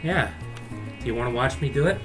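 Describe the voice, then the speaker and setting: A man's voice: medium pitch, expressive, a little fast, low-quality recording. A man streaming a video game, chatting casually and reading its dialogue aloud in voices. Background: game music.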